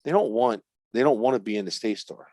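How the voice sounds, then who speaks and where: A man's voice: fairly low pitch, animated, fairly quick, warm tone, no room sound. A man in a casual podcast chat, explaining store sales in a blunt, matter-of-fact way.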